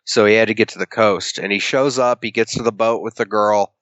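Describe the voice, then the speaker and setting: A man's voice: on the low side, fairly even intonation, brisk, a bit bright, smooth, dry recording. A man co-hosting a podcast, retelling a comic book's story at length in casual chat and acting out the characters' lines, swearing freely. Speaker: podcast co-host. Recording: dull lo-fi podcast audio.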